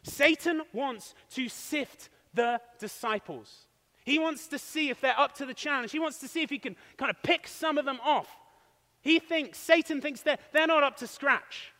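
A man's voice: extremely high pitch, normal speed, bright, forceful tone. A man preaching as pastor, retelling a scripture story and explaining it with a hands-on demonstration. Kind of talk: sermon. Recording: long hall reverb.

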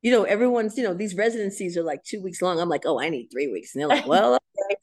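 A middle-aged woman in a podcast interview, telling stories with animated emotion and frequent laughter. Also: medium pitch, quick pace. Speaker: guest choreographer and dancer.

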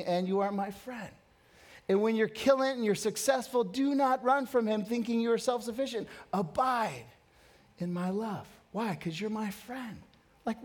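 A man preaching a sermon as a pastor, earnest and emphatic, dropping to a soft, hushed voice in prayer. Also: high voice.

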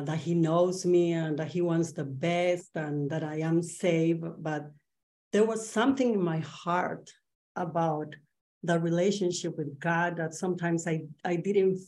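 First-language woman, lower voice, careful halting podcast guest. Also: a little mellow. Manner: careful, halting, repeats words. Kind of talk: casual interview.

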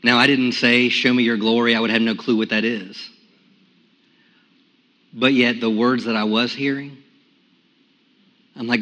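A pastor giving a sermon with a personal testimony, going from quiet, hushed telling to loud, high-pitched praise. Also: male voice, flat delivery, a little slow, long pauses. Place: church sanctuary. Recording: echoey church sanctuary.

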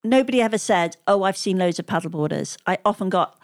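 A woman's voice: mid-range voice, expressive, fast talker, no room sound, clean studio sound. A woman telling stories as an interview guest, chatting freely, laughing often and quoting the people she met. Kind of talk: conversational storytelling.

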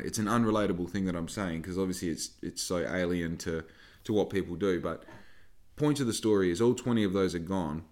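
A young man hosting a podcast, talking in a casual, rambling way and swearing freely as he tells a story. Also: deep voice. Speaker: podcast host and small business owner.

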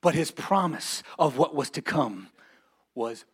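A man preaching a sermon as pastor, building to shouted lines and calling on the congregation to repeat after him. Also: fairly high pitch, lively intonation, unhurried, slightly rough. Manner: preaching, often rising to shouts, calls for congregation responses.

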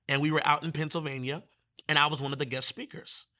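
A man from Virginia, a guest minister, telling his testimony in conversation in an animated way and acting out the voices he quotes. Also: on the high side, fast.

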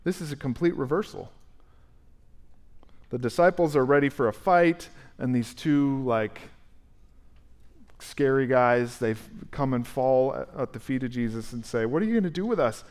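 A male pastor preaching a conversational, animated sermon and asking the congregation questions in a church sanctuary. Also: medium pitch, unhurried, pauses often.

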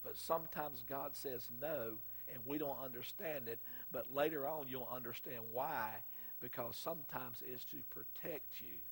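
A man's voice: medium pitch, normal speed, breathy edge. A middle-aged man with a Southern US accent preaching a sermon, telling folksy stories with sudden emphatic bursts. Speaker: pastor.

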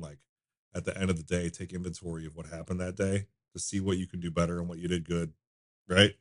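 A man talking candidly as a podcast guest, swearing freely and often trailing off into quiet asides. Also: low-pitched, little pitch movement, fast talker, no room sound, studio quality. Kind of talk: casual conversation.

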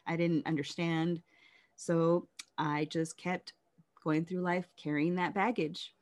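A woman telling her life story in an interview, candid and reflective, often halting and restarting. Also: fairly low pitch, fairly even intonation, a little mellow.

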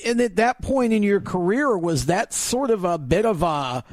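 High-voiced host in his fifties. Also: animated, moderate pace, no echo. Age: 50s. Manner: long winding questions with fillers. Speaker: podcast host. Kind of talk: interview questions.

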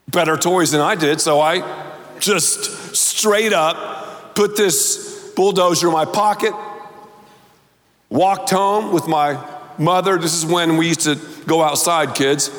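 A man preaching a sermon with a notably high voice and an unhurried, deliberate pace. He tells stories and leans on single words with pauses for emphasis. His voice carries the long reverb of a large church hall. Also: fairly bright tone. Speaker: pastor.

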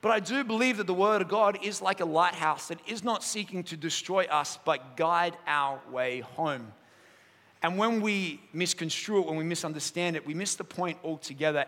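A man preaching a sermon as pastor, telling stories and joking lightly with the congregation. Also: on the high side. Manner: lively storytelling, jokes with the room. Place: church auditorium. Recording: long hall reverb in a church auditorium.

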